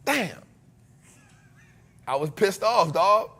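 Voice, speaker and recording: Male host: high voice, very lively delivery, slangy, laughs easily. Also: moderate pace, creaky. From United States. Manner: animated, slangy, laughs often. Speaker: show host. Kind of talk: casual storytelling.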